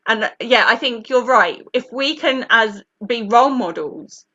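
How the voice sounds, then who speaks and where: A British woman co-hosts a podcast, telling family stories in easy chat and acting out what people said. Her voice is bright and forceful, and the recording sounds a bit dull and lo-fi. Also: a little high, measured pace. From Britain. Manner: storytelling, animated quoted voices. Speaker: podcast co-host. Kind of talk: casual chat.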